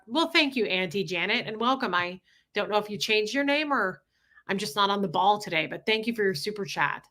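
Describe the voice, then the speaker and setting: A woman's voice: medium pitch, animated, brisk, pushed and bright. A woman hosting a casual livestream chat, talking in an emotional, rambling way and swearing freely. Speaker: livestream host.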